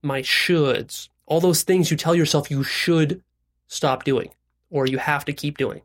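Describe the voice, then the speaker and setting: A man's voice: fairly high pitch, a little slow. A man hosting a self-help video, talking bluntly to the viewer and leading repeat-after-me affirmations. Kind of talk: direct-to-camera self-help talk.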